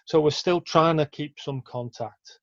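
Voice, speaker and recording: A man's voice: on the high side, a little slow, no room sound, muffled recording. A man who works in a care home, talking in a hesitant way with many fillers. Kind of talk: casual interview.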